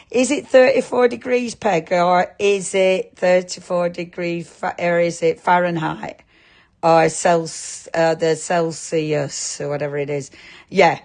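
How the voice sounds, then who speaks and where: A woman presenting a live craft shopping show, chatting and giggling as she reads viewer comments. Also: mid-range voice.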